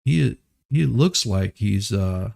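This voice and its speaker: A man's voice: lowish voice, lively intonation, takes it slowly, vocal fry, darkish tone. A man hosting a casual news commentary stream, rambling and restarting his sentences as he laughs at absurd claims. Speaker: host.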